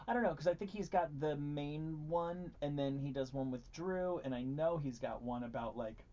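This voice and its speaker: A man's voice: fairly high pitch, moderate pace, mellow, lo-fi sound. A man co-hosting a radio show, dropping dry wisecracks into casual banter.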